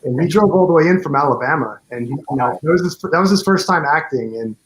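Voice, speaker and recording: A man in a relaxed interview talks through how his fan film came together. He rambles, leaning on fillers and restarting his sentences. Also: fairly high pitch, fast talker, low-quality recording. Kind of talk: casual interview chat.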